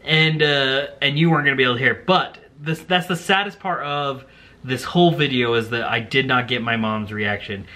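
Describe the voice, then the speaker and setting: A young man casually commenting on his own video, telling stories in a chatty, animated way. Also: medium pitch, a little fast. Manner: chatty, animated storytelling with put-on quotes.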